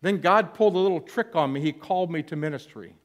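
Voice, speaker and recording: A man, an interim pastor, giving a personal testimony sermon with candid storytelling, earnest and self-deprecating. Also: fast talker. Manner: earnest, softening low at emotional points.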